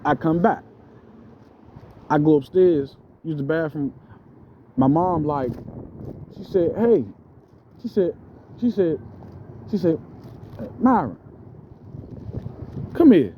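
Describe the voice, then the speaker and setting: A man's voice: a little high, takes it slowly, pauses often, dull audio, slight background noise. A man telling a spiritual testimony in a casual, slangy way, calling his listeners bro. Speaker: storyteller giving a spiritual testimony.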